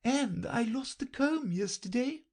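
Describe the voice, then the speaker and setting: A woman reading an audiobook, voicing a flustered, untidy, melancholy queen in a high, plaintive voice. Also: animated, unhurried, a little mellow.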